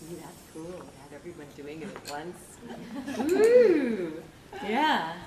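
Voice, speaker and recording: A woman voice teacher on a convention panel, leading vocal warm-ups in a playful, animated way and laughing often. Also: fairly low pitch, slow, far from the mic. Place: large convention hall with audience. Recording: echoey hall, loud crowd.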